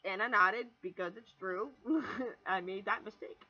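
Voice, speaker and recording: A young woman in her twenties telling a rambling, animated story on her vlog, swearing freely and restarting sentences as she goes. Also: medium pitch, a little slow, muffled recording. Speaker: vlogger.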